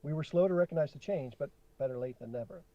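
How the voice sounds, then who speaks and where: A middle-aged man co-hosting a podcast with his son, reading a letter aloud slowly and chatting between passages. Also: medium pitch, dark tone, no echo. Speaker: podcast co-host, father. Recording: dull lo-fi sound.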